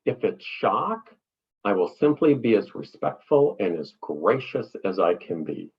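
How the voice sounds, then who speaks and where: Slow, husky-voiced man coaching. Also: on the low side, sing-song, lo-fi sound. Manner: emphatic, repeats words for stress, acts out client voices. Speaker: cohost, speaking business coach. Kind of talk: teaching talk.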